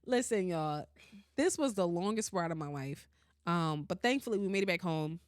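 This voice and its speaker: A woman hosting a podcast, telling a story in casual chat, animated and often laughing and swearing. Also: fairly low pitch, normal speed, no echo, studio quality. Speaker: podcast host.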